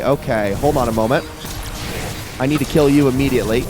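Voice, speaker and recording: A man's voice: medium pitch, brisk, long pauses, over music. A man hosting a let's play, giving casual running commentary and reacting aloud to the game.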